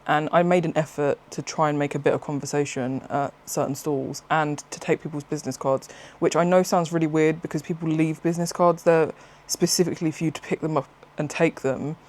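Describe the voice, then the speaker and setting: This craft vlogger talks in a casual, chatty vlog, rambling excitedly, laughing often and cutting herself off mid-thought. Her medium-pitched voice runs a little fast with few pauses.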